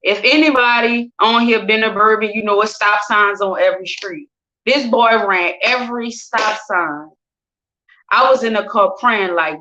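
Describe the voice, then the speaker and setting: A woman's voice: mid-range voice, moderate pace, sharp tone. A woman telling her own story in a candid, casual way, acting out quoted voices. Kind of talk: personal storytelling. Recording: dull lo-fi sound.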